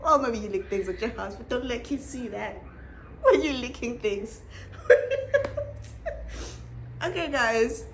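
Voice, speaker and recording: High-voiced, animated South African woman. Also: normal speed, slight background noise. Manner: animated, laughs often, exclaims. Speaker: TV reviewer. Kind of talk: casual review vlog.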